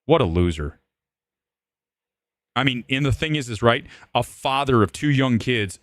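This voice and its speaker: A man's voice: medium pitch, animated, unhurried, long pauses, no echo. A man in his forties hosting a live movie stream, ranting in a combative, sarcastic way and swearing freely. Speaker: livestream host. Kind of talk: profane live-stream rant.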